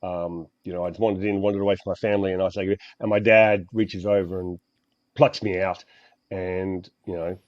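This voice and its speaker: A middle-aged man with an Australian accent, a guest in a casual interview, talking in a rambling, halting way and swearing often. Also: low-pitched, level tone, dry recording. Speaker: guest author. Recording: dull, dry lo-fi audio.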